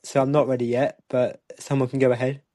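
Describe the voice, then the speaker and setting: A man's voice: medium pitch, little pitch movement, a little fast, dark tone. A man co-hosting a football podcast, wry and musing as he spins out what-ifs. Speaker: podcast co-host. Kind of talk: casual chat.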